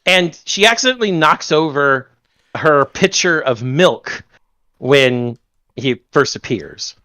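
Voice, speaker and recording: A man's voice: fairly high pitch, a bit bright. A man in a casual podcast chat, recounting anime scenes at length with fillers and restarts.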